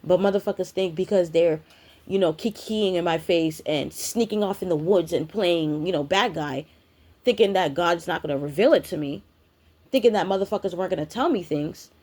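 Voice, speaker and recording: A woman's voice: lowish voice, normal speed, darkish tone. Woman, spiritual vlogger, profane confrontational rant. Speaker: spiritual content creator. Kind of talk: ranting vlog monologue.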